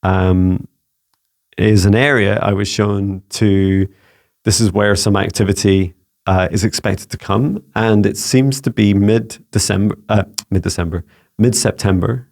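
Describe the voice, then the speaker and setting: A Scottish man relaying psychic messages to viewers in a casual solo talk, halting and searching for words as he goes. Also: on the low side, fairly even intonation, vocal fry, darkish tone. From Scotland. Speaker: psychic mentor answering viewer questions. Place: home with a laptop.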